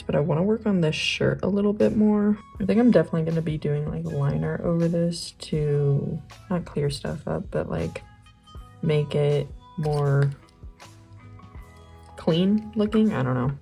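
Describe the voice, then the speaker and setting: Young woman, lowish voice, rambling casual chat over faint music. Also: vocal fry, mellow, slightly rough. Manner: chatty, rambling, heavy on fillers and slang. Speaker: art vlogger. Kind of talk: casual chat while drawing.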